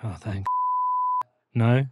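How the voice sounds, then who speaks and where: A man's voice: on the low side, extremely slow, muffled recording, noisy background. A man from England with an English accent, a guest in a comedic interview, answering in a dry, blunt and unimpressed way.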